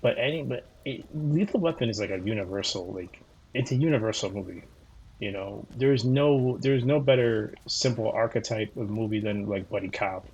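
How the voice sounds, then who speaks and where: Gravelly low-voiced man rambling casually. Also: moderate pace, a little mellow, highs cut off. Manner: rambling, profane, full of "like" and restarts; talks back to viewers' chat messages. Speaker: gaming streamer. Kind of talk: casual livestream chat while playing. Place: living in Florida.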